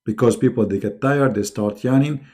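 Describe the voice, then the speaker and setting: A man hosting a livestream, talking casually with a mocking, sarcastic, animated manner. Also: mid-range voice, normal speed. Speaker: livestream host.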